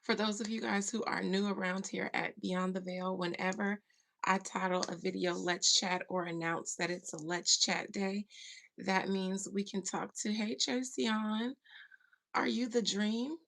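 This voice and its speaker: A woman hosting a casual spiritual livestream, greeting viewers by name and sometimes dropping into a soft whisper. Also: medium pitch, steady tone, gravelly. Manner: slow, drawling, breaks into soft whispers. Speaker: livestream host and spiritual medium.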